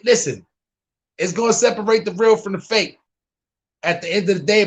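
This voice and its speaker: High-voiced New York stream host. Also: male voice. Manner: laid-back, repeats "man". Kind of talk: live stream reaction sign-off.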